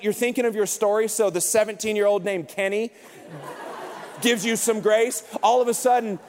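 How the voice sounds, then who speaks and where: A pastor in his forties preaching a sermon in a lively, joking way, often acting out quotes. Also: high-pitched. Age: 40s. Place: church auditorium. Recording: reverberant hall.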